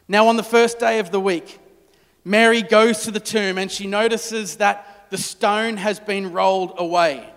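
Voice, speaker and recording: A man preaching a storytelling sermon, dramatic, dropping to hushed tones at key moments. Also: high-pitched, big-room sound. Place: church.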